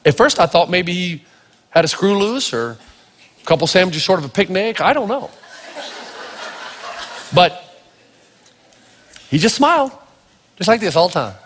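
With a high-pitched voice and a measured pace broken by frequent pauses, this pastor from Tennessee delivers a sermon full of stories. He animates the tales by acting out dialogue in raised voices, all echoing with long hall reverb.

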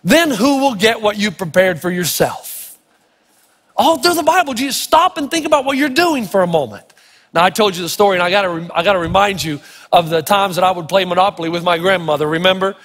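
High-voiced man preaching an animated sermon. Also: quick pace, big-room sound. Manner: animated storytelling, playful. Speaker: pastor.

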